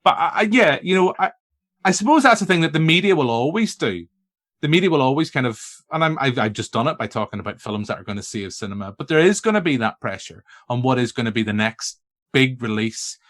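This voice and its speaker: A man's voice: mid-range voice, fast. A Northern Irish man hosting a film podcast, chatting casually and bantering playfully with his guests. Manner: animated, playful, stubborn banter. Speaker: podcast host. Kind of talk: casual chat.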